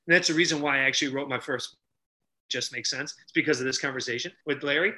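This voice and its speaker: An energetic middle-aged man telling stories as a podcast guest, acting out the people he quotes. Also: on the high side, quick pace. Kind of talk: animated storytelling.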